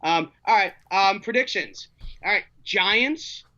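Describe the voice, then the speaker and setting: A man hosting a casual sports talk show, playful and halting, with many fillers. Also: high voice, animated, pushed and bright, lo-fi sound. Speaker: host.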